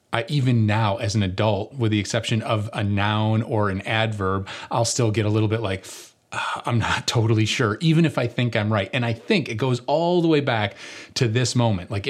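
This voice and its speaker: A man, a lead pastor, giving a sermon in a conversational storytelling way. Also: lowish voice.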